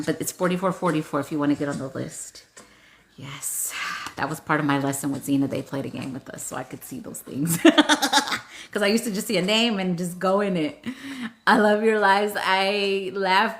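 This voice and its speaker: Woman healer, low voice, tearful and laughing, casual and profane live host. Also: normal speed, a little hiss or hum. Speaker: spiritual healer hosting a live session. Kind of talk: casual live-stream chat.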